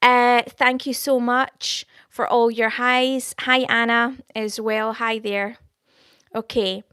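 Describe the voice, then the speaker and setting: A woman's voice: on the high side, little pitch movement, slow pace, bright, forceful tone, clear, resonant tone, dry recording, clean studio sound. Chatty Scottish woman on a livestream. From Scotland. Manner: chatty, reads out viewer comments and thanks them. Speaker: livestream host giving prophecy. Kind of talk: live-stream chat and prophecy. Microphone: studio microphone.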